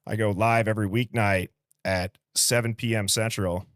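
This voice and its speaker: A man's voice: fairly low pitch, steady tone, dry recording, studio quality. A man with a Midwestern accent hosting a livestream, casually greeting viewers and reading comments in an upbeat, chatty way. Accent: American Midwest. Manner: upbeat, chatty, quick shout-outs with light laughs. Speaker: livestream host.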